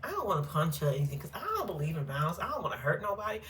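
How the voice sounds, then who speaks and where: A woman's voice: on the low side, wildly swooping pitch, racing, a bit bright, slight background noise. A woman hosting a casual reality TV recap, talking bluntly and animatedly, with plenty of cursing and laughter. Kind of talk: casual reaction commentary.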